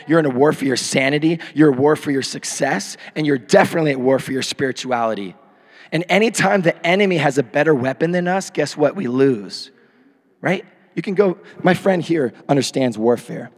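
A man in his thirties preaching a sermon into a microphone, swinging from hushed asides to shouted peaks. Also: a little high, fairly quick. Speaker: pastor. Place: church hall. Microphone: handheld or podium microphone. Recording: long hall reverb.

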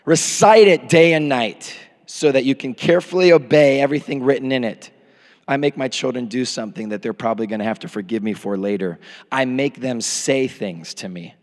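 A man in his thirties preaching a sermon into a microphone, swinging from hushed asides to shouted peaks. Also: medium pitch, fairly quick. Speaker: pastor. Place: church hall. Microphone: handheld or podium microphone. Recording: long hall reverb.

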